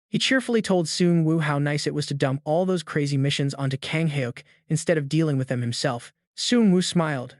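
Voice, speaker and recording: A man narrating a comic-fantasy story recap in a brisk, dramatic storytelling manner. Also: fairly high pitch, no room sound, clean studio sound.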